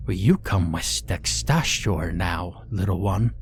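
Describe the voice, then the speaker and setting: A man narrating a horror story, voicing a tiny, gnarled old male Yule lad with a scratchy, high voice. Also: lively intonation, slow pace, soft background music. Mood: coaxing.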